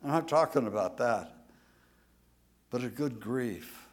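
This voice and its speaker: A pastor preaching an emotional sermon to his congregation, moving between hushed, tender moments and emphatic, raised declarations and drawing the crowd in with questions. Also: medium pitch, lively intonation, slow. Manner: asks the congregation for a show of hands.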